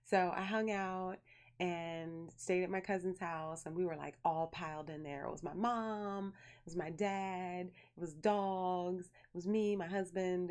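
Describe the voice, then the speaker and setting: A young adult woman chatting casually on a live stream, telling a family story in an animated way and thanking viewers by name. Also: fairly low pitch. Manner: chatty, animated storyteller who reads viewer messages aloud.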